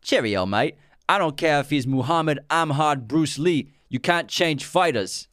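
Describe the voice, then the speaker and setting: A clumsy, overdone British tough guy, as a man puts the accent on for a laugh. The delivery is hammy and slowed, pitched a little above his usual voice. The recording is dry and close. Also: expressive, a bit bright, no echo. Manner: hammy, self-admittedly poor accent.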